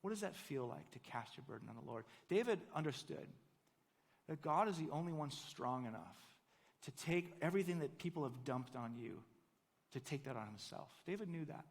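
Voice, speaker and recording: A pastor preaching a sermon, telling a story earnestly and building to fervent emphasis. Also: male voice, fairly high pitch, animated, brisk, gravelly, long reverb tail.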